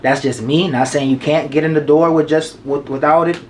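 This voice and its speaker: A man's voice: on the high side, fairly even intonation, normal speed, a little hiss or hum. A man in his twenties giving life advice to the camera in a casual, slangy way, repeating his points for emphasis. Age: 20s.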